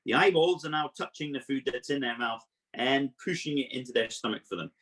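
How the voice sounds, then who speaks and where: A man presenting an exotic animal workshop over a video call, explaining facts to children in a lively, playful way. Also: medium pitch, a little fast.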